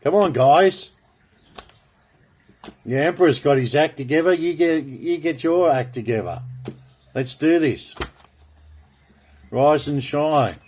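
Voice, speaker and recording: A man speaks at a very slow, unhurried pace. He rambles in a monologue of grand proclamations, repeating phrases as he draws cards. His voice sits at a medium pitch. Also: a little mellow. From Australia. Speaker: video blogger.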